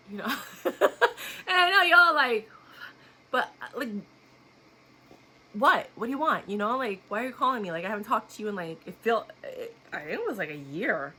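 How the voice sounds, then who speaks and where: A blunt, outspoken woman vlogger chats straight to her viewers with a bright, forceful voice. She talks in a loose, casual storytelling way and laughs often. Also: mid-range voice, animated, brisk.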